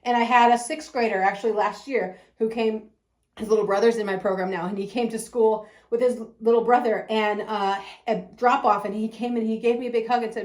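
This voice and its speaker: A woman's voice: fairly high pitch, steady tone, a little fast, darkish tone, roomy sound. A woman who runs a preschool, talking about it with gushing enthusiasm and frequent laughter. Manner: effusive, gushing, laughs often. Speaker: preschool teacher and owner. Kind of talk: enthusiastic promotional talk.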